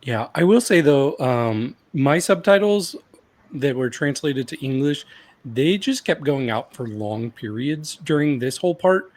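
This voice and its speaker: A man co-hosting a podcast, telling stories in a relaxed way and laughing easily. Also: medium pitch, a little slow. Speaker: podcast co-host. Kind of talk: casual recap chat.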